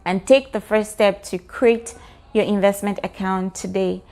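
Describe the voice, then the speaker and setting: A woman talks to her viewers about personal finance, earnestly walking through each point. Her tone is encouraging and steady, with the odd "um", and her voice sits at a middle pitch. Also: a little slow. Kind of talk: explanatory talk to camera.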